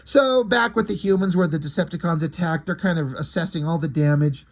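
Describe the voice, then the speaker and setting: A man's voice: a little high, a little fast, vocal fry. A man casually recapping and reviewing a comic book, chatty with fillers and some swearing.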